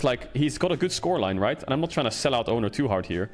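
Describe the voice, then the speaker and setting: A man's voice: medium pitch, big pitch swings, fast talker, few pauses, faint music behind. A man streaming casual game commentary, ranting and swearing, with lots of emphatic repetition.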